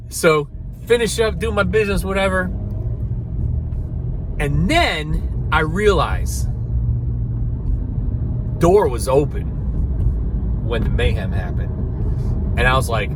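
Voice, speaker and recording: A man's voice: a little high, expressive, unhurried, long pauses, background noise. A man telling a rambling, funny personal story to camera as a network marketing coach, often restarting his sentences and laughing at himself.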